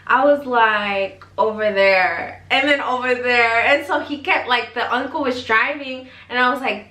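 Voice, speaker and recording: A woman's voice: on the high side, a little slow, few pauses, pushed and bright. A young woman vlogger telling a storytime in a casual, chatty way, full of "like" and the odd swear word. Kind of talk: storytime vlog. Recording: roomy echo.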